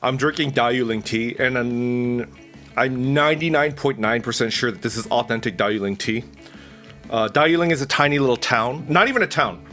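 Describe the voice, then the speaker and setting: A man's voice: mid-range voice, normal speed, pushed and bright, faint music behind. Rambling man chatting on a stream. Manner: rambling, self-deprecating, repeats and restarts often; chats with viewers, reads out their names. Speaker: VTuber streamer. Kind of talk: casual live-stream chat.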